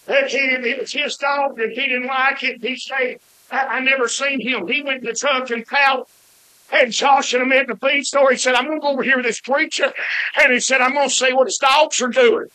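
A man's voice: very high-pitched, little pitch movement, normal speed, bright, forceful tone, rough recording. A man, a preacher telling a folksy story in a sermon and now and then bursting into hollering.

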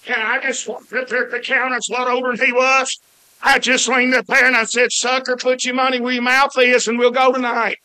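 Preacher, male, high and bright, folksy sermon yarn with sudden hollers. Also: poor audio.

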